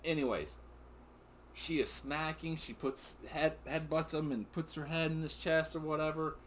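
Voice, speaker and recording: A middle-aged man with a fairly high voice speaks at normal speed over slight background noise. He co-hosts a father-and-son wrestling recap, chatting casually and excitably, rambling, wandering off topic and laughing often.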